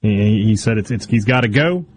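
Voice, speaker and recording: A man's voice: on the low side, expressive, normal speed, slight background noise. A man co-hosting a sports talk radio show, telling wry stories in casual banter.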